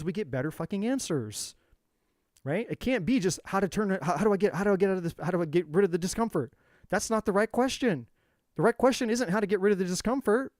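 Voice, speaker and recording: On a live tarot stream, a male tarot reader gives a spiritual talk that is preachy and full of profanity, repeating words to stress them. His voice is high-pitched, and the recording is dry and studio-quality.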